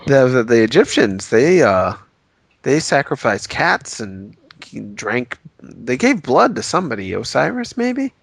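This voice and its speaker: A man's voice: mid-range voice, sing-song, unhurried, creaky, no echo. A man co-hosting a comedic podcast, rambling and hesitant, full of ums and restarts. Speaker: podcast co-host.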